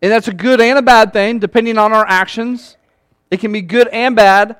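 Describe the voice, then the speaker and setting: A man preaching a sermon as pastor in a conversational, animated way, often acting out quoted lines. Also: sits high, normal speed, clean tone, dry recording.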